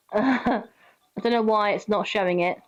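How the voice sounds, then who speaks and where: A woman's voice: medium pitch, takes it slowly. Chatty British woman streamer, lo-fi mic. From Britain. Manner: chatty, giggly, talks to chat by name. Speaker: game streamer. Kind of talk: casual live-stream chat with viewers.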